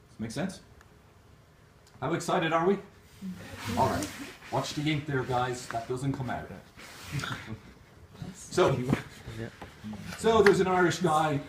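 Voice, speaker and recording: A man giving a motivational conference keynote, animated and jokey, speaking straight to the crowd. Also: mid-range voice. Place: conference hall. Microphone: distant camera mic. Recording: echoey hall, distant mic, noisy room.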